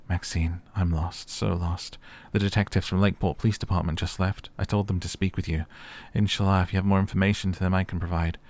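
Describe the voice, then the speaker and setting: A young man with a very deep voice plays through a story game. He reads the in-game messages out loud and breaks off into loose, casual remarks, full of "like". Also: flat delivery, a little fast, hardly any pauses. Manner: chatty, uses "like" a lot. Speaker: gaming YouTuber. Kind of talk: let's play commentary.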